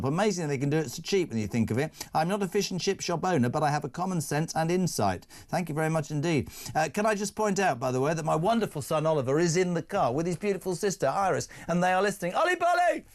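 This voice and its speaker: A middle-aged man hosting a phone-in talk radio show, reading out listener messages in a jokey, playful, blunt way. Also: fairly high pitch. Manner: jokey, playful, puts on silly voices, blunt opinions.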